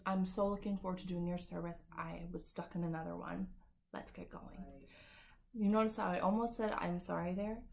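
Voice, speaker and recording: A woman's voice: mid-range voice, darkish tone, a little hiss or hum. A woman working as a beauty industry coach, giving a casual, upbeat talk to camera with lots of "like" and "kinda". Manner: chatty and upbeat, full of "like" and "kinda".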